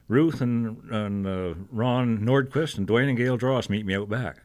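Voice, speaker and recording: A man's voice: mid-range voice, moderate pace. An older man from New Brunswick, a guest singer-songwriter telling stories in a talk-show chat. He acts out other people's voices and chuckles often. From Fredericton, New Brunswick, Canada. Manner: lively storyteller who acts out quoted voices and chuckles often. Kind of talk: casual storytelling in a TV interview.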